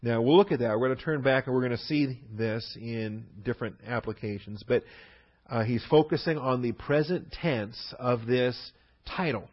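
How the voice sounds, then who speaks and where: A man's voice: mid-range voice, normal speed, dull audio. A man teaching through a Bible passage verse by verse, leaning hard on key words between fillers and restarts.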